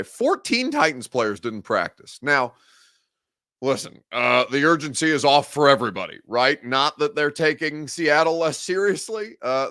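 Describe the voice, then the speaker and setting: A man's voice: medium pitch, fairly bright tone, no room sound, studio quality. Chatty male sports show host. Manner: conversational, chatty, reads live comments aloud with wry humor. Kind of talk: live-streamed sports talk show. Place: sports studio.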